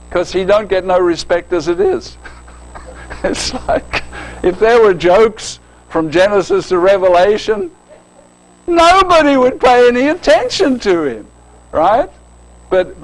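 A man's voice: high voice, rough recording. An older man preaching a sermon in a folksy, joking way, often checking in with his listeners.

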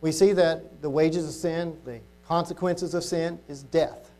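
Mellow-voiced man giving a sermon. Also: on the high side, steady tone. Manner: conversational, reads Bible verses slowly and deliberately. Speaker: lay preacher. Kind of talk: informal sermon with scripture reading.

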